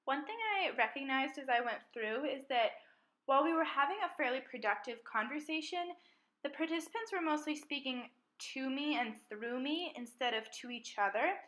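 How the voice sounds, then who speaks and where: Calm, bright-voiced young woman reflecting. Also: sits high, rough recording. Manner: calm, measured and methodical. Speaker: student mediator. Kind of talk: spoken self-reflection on a mediation exercise.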